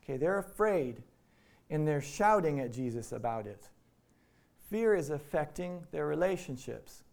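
A man's voice: on the high side, lively intonation, a little slow, gravelly, a little mellow. A man from Iowa preaching a sermon in a conversational way, acting out the quoted lines. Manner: conversational, acts out quotes in voices. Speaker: pastor.

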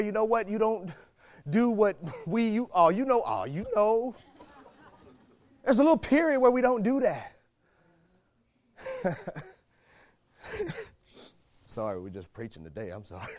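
A male pastor preaching a sermon, moving from quiet storytelling to shouted exhortation and repeating phrases for emphasis. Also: fairly high pitch, dry recording. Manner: repeats phrases for emphasis, laughs between points.

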